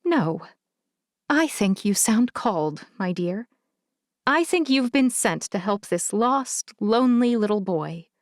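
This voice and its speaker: A woman narrating an audiobook, voicing a kind, frank older female social worker who speaks gently and candidly. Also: mid-range voice, expressive, takes it slowly, no echo, clean studio sound. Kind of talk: audiobook character voice.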